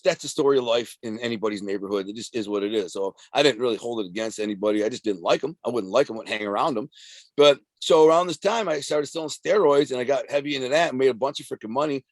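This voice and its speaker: Fast-talking streetwise man, dry sound. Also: mid-range voice, no echo. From Detroit, USA. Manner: streetwise, profane, rambling storyteller. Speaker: podcast guest. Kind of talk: casual storytelling interview.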